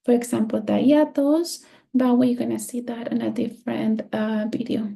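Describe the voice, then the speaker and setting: Woman, language teacher, fairly high voice, gravelly fry, pauses and fillers. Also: steady tone, warm tone. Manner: slow and careful, with many pauses and fillers. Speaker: Spanish teacher. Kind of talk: explaining a grammar lesson.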